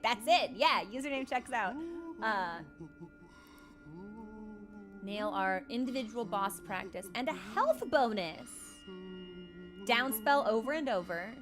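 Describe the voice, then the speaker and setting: A woman streamer chats casually to her viewers in a slightly high voice. She tells her stories in an animated way, leaning on "like" and small laughs. Soft game music plays faintly under her talk. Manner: chatty, animated storytelling with laughs and filler "like". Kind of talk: casual live-stream chat.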